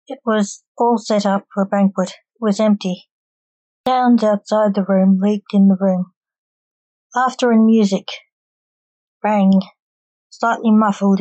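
A woman storyteller reading a story aloud in an even, measured way. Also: mid-range voice, no echo, muffled recording.

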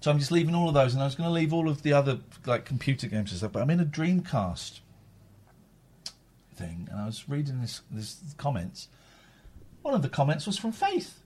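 A man's voice: on the high side, sing-song, brisk, darkish tone. A tired man, host of a casual live stream, rambling and repeating himself.

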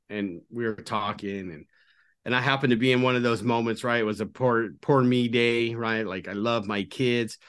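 Low-voiced man telling his recovery story. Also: fairly bright tone. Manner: earnest and confiding, often trailing to a low murmur. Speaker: podcast guest, recovery coach. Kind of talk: candid storytelling interview.

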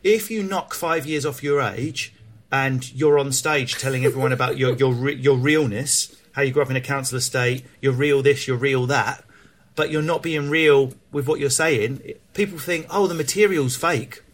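A man's voice: mid-range voice, fairly even intonation, moderate pace. A stand-up comedian with a Cockney accent, talking frankly and animatedly in an interview, swearing freely and restarting his sentences. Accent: London Cockney. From England. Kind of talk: candid interview chat.

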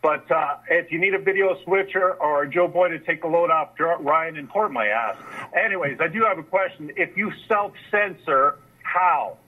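A man's voice: on the high side, moderate pace. Man on a tinny phone line. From Canada. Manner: teasing, profane, rambling. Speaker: caller. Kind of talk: casual call-in chat.

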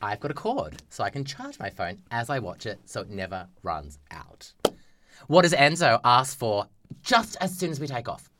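With wildly swooping pitch in a mid-range voice, a young man co-hosting a podcast rants his way through a travel story, swearing, exasperated, and acting out what people said. He speaks at normal speed over background noise.

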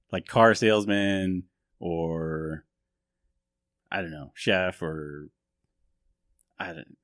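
A man's voice: sits low, no echo, studio quality. A man hosting a podcast in casual chat, joking, self-mocking and rambling. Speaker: podcast host.

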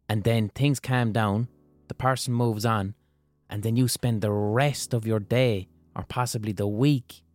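A man's voice: medium pitch, a little mellow. Blunt, swearing man podcasting. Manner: blunt and conversational, swears freely. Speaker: podcast host. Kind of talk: casual solo podcast monologue.

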